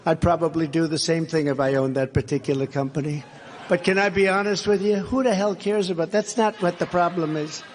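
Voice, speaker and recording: A man's voice: on the high side, fairly even intonation, fairly quick. A man giving a sarcastic, repetitive rally speech, rambling from point to point. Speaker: political speaker at a rally. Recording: long reverb of a large venue, faint background noise.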